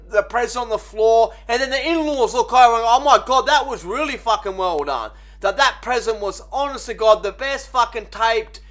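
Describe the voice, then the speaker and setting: A man's voice: high-pitched, pushed and bright. A man giving rambling, sweary mock how-to advice while hungover. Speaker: vlogger. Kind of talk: comedic how-to vlog.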